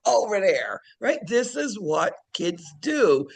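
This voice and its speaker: High-voiced, animated male nursing professor. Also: slow, vocal fry. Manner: animated, acts out children's play and cries. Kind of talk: classroom lecture. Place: classroom.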